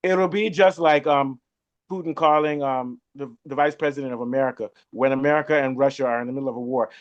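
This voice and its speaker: A man hosting a panel discussion, speaking forcefully and often cutting in on others. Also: medium pitch, steady tone, a little fast. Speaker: host. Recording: dull lo-fi sound.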